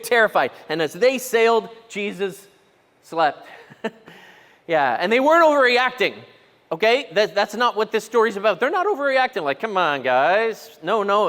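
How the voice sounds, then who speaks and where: A middle-aged male pastor with a high, light voice preaches in a church auditorium. His words trail off in a long hall reverb. He tells stories with animation, acts out the people in them, and keeps putting questions to the room. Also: fairly bright tone. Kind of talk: sermon.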